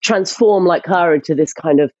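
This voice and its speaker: Animated woman telling stories, dull dry sound. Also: fairly low pitch, moderate pace, no echo. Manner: animated storyteller, frequent restarts. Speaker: actress, podcast guest. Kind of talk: casual interview chat.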